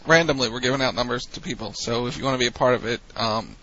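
A man's voice: mid-range voice, fast talker, fairly bright tone. A man co-hosting a casual wrestling podcast, upbeat as he plugs the show. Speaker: podcast co-host. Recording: lo-fi audio with crowd noise behind.

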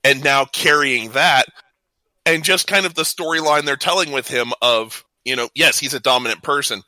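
Bright-toned man chatting about wrestling. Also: mid-range voice, normal speed, no echo, poor audio. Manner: rambling, many restarts. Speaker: podcast co-host. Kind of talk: casual wrestling podcast chat.

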